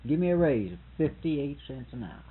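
Husky man telling a folksy work story. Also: medium pitch, sing-song, moderate pace. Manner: folksy, colloquial, acts out both sides of a quarrel. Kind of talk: casual storytelling among friends. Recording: tinny lo-fi phone-band recording.

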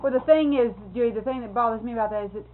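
A woman's voice: on the high side, racing. A woman stating earnest, emphatic opinions in casual conversation, on a tinny lo-fi recording.

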